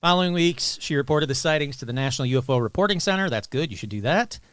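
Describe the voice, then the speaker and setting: A man's voice: fairly high pitch, animated, quick pace, a bit bright, smooth, no echo, studio quality. A man hosting a paranormal podcast, reading news items aloud and adding casual joking asides. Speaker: podcast host.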